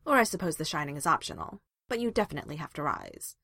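A woman voicing a wry, joking man who is a loyal best friend, in a bright, light manner. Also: low-pitched, wildly swooping pitch, fast, vocal fry, slightly rough, no echo, studio quality, exaggerated voice. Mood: teasing.

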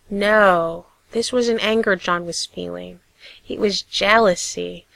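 A woman narrating a piece of fiction in a steady, measured storytelling voice. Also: medium pitch, creaky, no echo, rough recording. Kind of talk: audiobook reading of fiction.

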